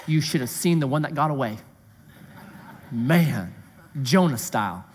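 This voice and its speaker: A middle-aged man preaching a sermon as a comic story, animated and exclaiming, with a long hall echo. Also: mid-range voice, measured pace, a little hiss or hum.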